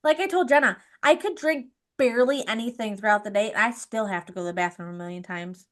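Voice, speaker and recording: A woman's voice: fairly high pitch, fast. A woman co-hosting a casual chat, frank and exasperated, swearing as she talks. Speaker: podcast co-host.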